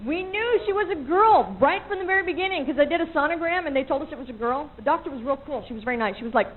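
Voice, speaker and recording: A young woman doing a stand-up routine on a club stage, chatty and self-mocking, with quick asides to the crowd, recorded on an old VHS tape. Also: high-pitched, lively intonation, phone-quality sound. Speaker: stand-up comedian.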